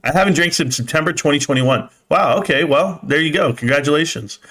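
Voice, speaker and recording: A man's voice: on the high side, fairly quick, a bit bright. A man hosting a casual live stream, rambling and chatty as he reads viewer comments and swears now and then. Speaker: livestream host. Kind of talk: casual livestream chat, reading comments.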